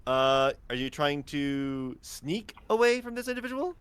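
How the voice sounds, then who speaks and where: Laid-back game master, lively voice. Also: male voice, fairly high pitch, a little slow, clear, resonant tone, dry recording. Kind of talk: narrating a tabletop game.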